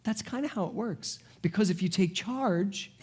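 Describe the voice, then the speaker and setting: A man in his forties, a spiritual director, giving a sermon to a congregation with animated, humorous storytelling. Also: high-pitched, normal speed, slightly rough. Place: church service before a congregation.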